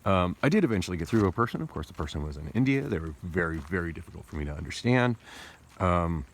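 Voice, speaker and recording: A vlogger with a low, sing-song voice talks quickly through tooth pain, his phone-camera recording carrying a little hiss or hum. The monologue is casual and wandering, full of restarts and digressions.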